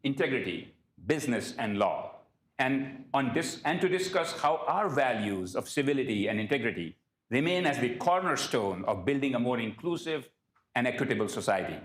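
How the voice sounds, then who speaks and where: A man's voice: mid-range voice, sing-song, normal speed, roomy sound. A man hosting a university lecture, reading a formal scripted introduction of the guest speaker with a few small slips. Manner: reads from prepared remarks, occasional slips. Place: university event hall.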